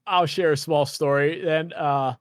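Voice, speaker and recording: A man who is an aspiring voice actor, guesting on a podcast and telling a story in a relaxed way with hesitant fillers. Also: a little high, measured pace, clean tone, dry recording, clean studio sound. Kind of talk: casual interview chat.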